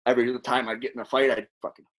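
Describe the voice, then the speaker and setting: A man's voice: mid-range voice, racing. A man, a former hockey player, telling long rambling stories on a podcast in a casual, profane way. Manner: rambling, profane, animated storyteller. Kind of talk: casual storytelling.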